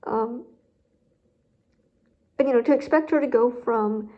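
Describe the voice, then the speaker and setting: A woman with a slightly high voice speaks candidly in a personal vlog. She rambles with lots of fillers and sounds emotionally drained. The recording is dull and lo-fi. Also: measured pace. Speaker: guide dog handler vlogger.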